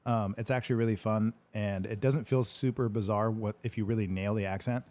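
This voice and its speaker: Male stream host, low voice, laid-back joking banter, swears freely. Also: steady tone, a little fast, dark tone. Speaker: livestream Q&A host. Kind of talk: casual livestream chat. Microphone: livestream microphone.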